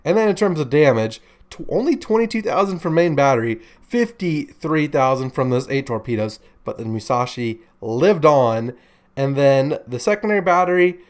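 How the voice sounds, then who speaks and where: A man's voice: on the high side, expressive, moderate pace. A man casually commentating a warship gameplay video, chatty and joking with rambling asides.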